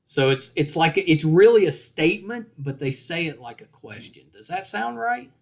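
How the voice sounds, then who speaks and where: A man's voice: fairly high pitch, animated, moderate pace, gravelly. A man hosting a podcast interview on a call, joking and rambling with frequent restarts and self-deprecating asides. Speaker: podcast host. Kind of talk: casual interview chat.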